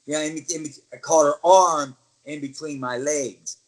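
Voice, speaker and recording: A man's voice: fairly high pitch, measured pace, rough recording. A man being interviewed, telling stories casually and acting out other people's lines, with the odd swear word. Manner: animated storyteller who acts out other people's lines. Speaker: interview guest, former wrestler.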